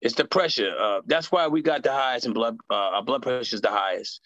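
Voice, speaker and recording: A man's voice: mid-range voice, fairly quick, fairly bright tone, no echo. Agreeable man, slightly muffled. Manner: frequent short agreeing interjections. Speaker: guest. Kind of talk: casual conversational discussion.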